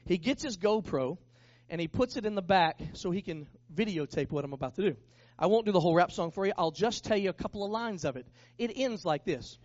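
High-voiced animated preacher man. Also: fairly quick, no room sound, muffled recording. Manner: animated, acts out the people in his story. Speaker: pastor. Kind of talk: storytelling sermon.

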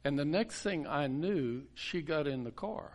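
A man's voice: fairly high pitch, animated, unhurried. A man, a pastor, telling a story in a sermon in a folksy way, chuckling and restarting his sentences.

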